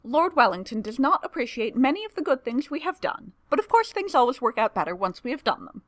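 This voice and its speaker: A woman reading as a calm, reasonable male dragon. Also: high-pitched, a little fast, dry recording, pitched above the performer's own voice. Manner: calm, matter-of-fact.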